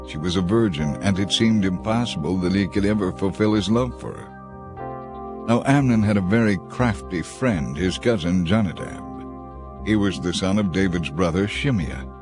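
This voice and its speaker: A man with a fairly low voice reads a scripted story in an even, measured way. Clear background music plays beneath his narration, keeping a calm audiobook feel.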